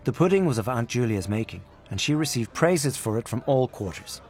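A man reading a literary story aloud in a measured, expressive storytelling manner. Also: mid-range voice. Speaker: audiobook narrator. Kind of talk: literary audiobook narration.

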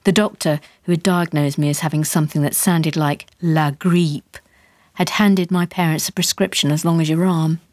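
A woman's voice: low voice, steady tone, normal speed, darkish tone, no echo. A woman narrating a memoir audiobook with wry, comic storytelling.

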